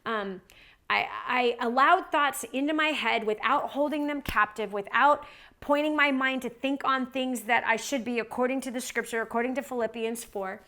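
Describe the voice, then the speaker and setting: A woman telling a story in a lively, chatty way to an audience, often adding "like" and "right?" as she goes. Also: a little high, moderate pace. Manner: animated, chatty, many "like" and "right?" asides. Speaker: motivational speaker. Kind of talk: storytelling talk.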